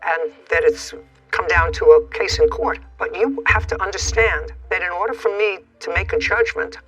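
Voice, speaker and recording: A sharp, impatient woman judge grilling a litigant in a TV courtroom. Her voice sounds a little husky and is picked up from a distance. Faint music plays underneath. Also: fairly low pitch. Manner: brisk, sharp, impatient, cuts people off. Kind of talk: courtroom questioning.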